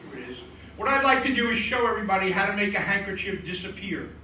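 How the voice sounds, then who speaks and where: A middle-aged man doing a stand-up comedy and magic routine with deadpan joke delivery, acting out the voices of old relatives. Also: sits high, quick pace. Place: live show venue. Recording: echoey room from a distant mic, faint noise.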